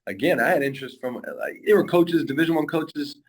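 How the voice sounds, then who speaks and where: A man who coaches high school football, talking earnestly in a casual interview, rambling with frequent restarts. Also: a little fast, slight background noise.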